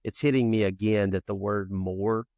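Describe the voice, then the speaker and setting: In this conversational storytelling interview, a podcast guest in his fifties, a founder and youth coach, tells personal stories earnestly and acts out scenes from his childhood, full of restarts and asides. His lowish, creaky voice moves at a normal speed, and the recording has no echo.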